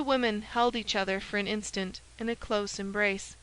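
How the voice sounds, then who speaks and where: Woman reading an audiobook, bright clear voice, measured. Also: mid-range voice, steady tone, low-quality recording. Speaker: audiobook reader. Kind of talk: scripted narration.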